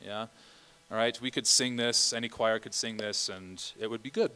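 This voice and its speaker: A man's voice: lowish voice, steady tone, moderate pace, sharp tone, clear, resonant tone, low-quality recording. A man directing a choir rehearsal, counting beats and singing bits of phrases as he coaches the singers. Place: church rehearsal room.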